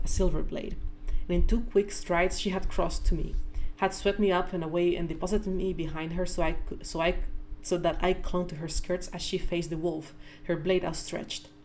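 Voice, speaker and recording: A woman reading a novel aloud live, with measured storytelling narration. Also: on the low side, a little mellow, slight background noise. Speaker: reader.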